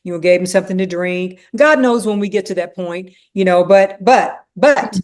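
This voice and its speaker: A woman leading a conversational Bible study, animated and acting out the dialogue, with frequent "you know" asides. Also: mid-range voice, moderate pace.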